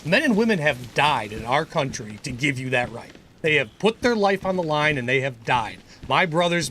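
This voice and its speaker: A man talks casually on a livestream in a fairly high voice. He is earnest and opinionated, and he circles back and restarts his sentences. Steady game noise sits clearly under his speech. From United States. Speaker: gaming livestreamer and lawyer.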